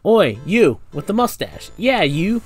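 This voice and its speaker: A man's voice: sits high, big pitch swings, measured pace, faint music behind, pitched above the performer's own voice, full character voice. A young man voicing a cocky male jar-collecting ghost, taunting and theatrical. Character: cocky pot-dwelling male ghost, British-style mate talk.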